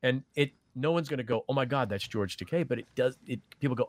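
A man's voice: medium pitch, fast talker, no echo. A man who narrates audiobooks, talking casually and thoughtfully about his work, often restarting sentences. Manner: thoughtful, many restarts, quotes others in lively voices. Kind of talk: conversational panel talk.

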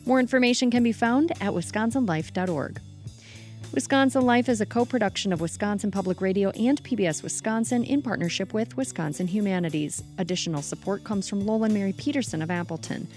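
A woman's voice: medium pitch, brisk, darkish tone, soft background music. Woman producer announcing on public radio. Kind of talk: scripted radio introduction.

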